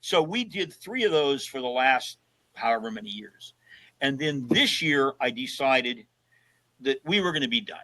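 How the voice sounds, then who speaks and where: Older man, seventies, bright forceful voice, casual storytelling, lively quoted dialogue. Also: mid-range voice, moderate pace, low-quality recording. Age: 70s. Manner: animated storyteller who acts out quoted dialogue. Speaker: podcast guest.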